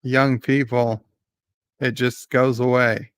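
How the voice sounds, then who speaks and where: A man giving live commentary on a debate. He paraphrases the speakers, reads out viewer chat and gets excitable at times. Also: mid-range voice, takes it slowly, clean tone, no echo.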